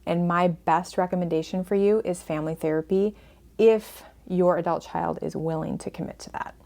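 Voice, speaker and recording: A woman's voice: on the low side, steady tone, normal speed, creaky, warm tone. A woman hosting a podcast on family estrangement, talking with listeners in an earnest, empathetic way and walking them through a case story as a counselor.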